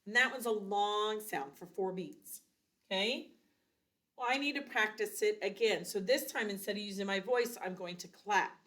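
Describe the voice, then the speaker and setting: A woman's voice: medium pitch, moderate pace, noisy background. A woman teaching a beginners' recorder lesson, explaining each step patiently and counting out rhythms. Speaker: music teacher.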